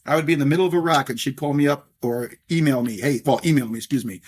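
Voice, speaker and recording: A man's voice: on the high side, fairly quick, slightly rough. A middle-aged man from New York, a scotch brand owner, talking in a podcast interview with lots of fillers and restarts. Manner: animated, many fillers and restarts.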